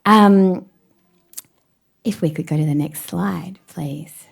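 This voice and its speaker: This keynote speaker, an Australian woman in her forties, has a lowish, creaky, husky voice and takes things slowly. On stage she animatedly tells stories at her own expense, laughing plenty along the way.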